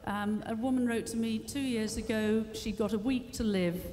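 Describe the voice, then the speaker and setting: A woman's voice: a little high, fairly even intonation, moderate pace, dark tone. A woman giving a humorous anecdotal speech at a live tribute evening, dry and teasing, playfully mimicking others. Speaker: guest speaker at a tribute evening. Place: large civic hall, live event. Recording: long hall reverb, faint background noise.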